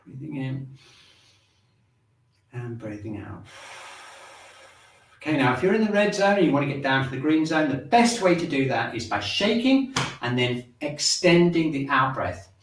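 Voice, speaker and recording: A man teaching a shiatsu breathing and movement class, guiding the listener calmly through each step. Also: on the high side, fairly quick, slight background noise. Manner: calm instructive, guiding along with the movements. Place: room in a shiatsu centre. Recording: roomy sound, mic at a distance.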